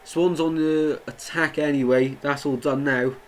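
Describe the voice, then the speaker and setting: A man's voice: on the high side, steady tone, measured pace, slight background noise, rough recording. A young man doing live football watchalong commentary, chatting with viewers and getting indignant at the play. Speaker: watchalong streamer. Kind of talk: live match commentary and chat.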